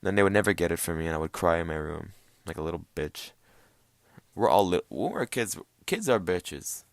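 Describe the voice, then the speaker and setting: Young guy ranting casually, low dry voice. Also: moderate pace, creaky, no echo. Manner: profane, animated, jumps to loud squeaky mock voices. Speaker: podcast host. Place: bedroom.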